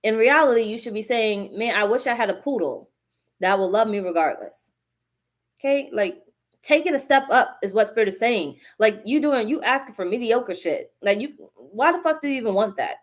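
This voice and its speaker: A woman's voice: a little high, animated, normal speed. A woman leads a live tarot reading. She talks bluntly and curses often. She drives each point home by saying it again and again. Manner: blunt, profane, repeats herself emphatically. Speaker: tarot reader.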